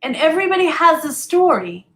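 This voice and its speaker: A woman's voice: extremely high pitch, very animated, a little fast, fairly bright tone. A woman hosting a podcast interview, responding to her guest in an enthusiastic, affirming way with frequent tag questions. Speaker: podcast host. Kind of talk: casual interview chat.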